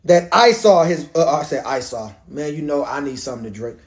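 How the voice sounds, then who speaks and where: A man's voice: a little high, expressive, brisk. A man, a pastor, reading Bible verses aloud and explaining them in casual street slang with jokes. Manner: reads archaic verses then riffs in street slang with humor. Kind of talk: scripture reading with commentary.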